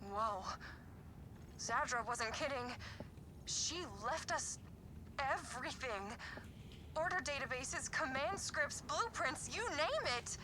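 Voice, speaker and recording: Cast a wry game mission handler, high and lively, over game noise. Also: female voice, slow, pauses often. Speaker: game character giving orders. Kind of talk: video game voice acting. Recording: game audio with background noise.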